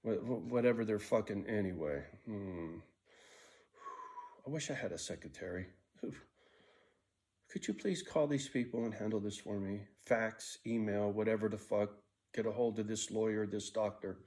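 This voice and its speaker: A man's voice: on the low side, moderate pace, a little mellow. A man of sixty rambling through a profane vlog monologue, restarting and jumping between thoughts. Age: 60s. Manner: restless, frequent restarts and stumbles. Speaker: vlogger.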